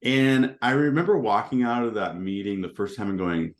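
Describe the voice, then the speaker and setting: Deep-voiced man telling easygoing stories. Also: moderate pace, few pauses. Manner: easygoing storyteller, chuckles between points. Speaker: panelist. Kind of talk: casual anecdotal panel talk. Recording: roomy echo.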